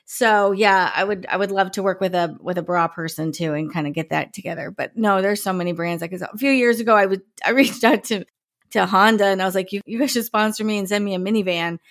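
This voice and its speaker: A woman's voice: medium pitch, fast talker. Chatty, self-mocking middle-aged woman storyteller. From American Midwest. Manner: chatty, self-mocking, acts out quoted voices. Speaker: podcast guest. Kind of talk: casual storytelling.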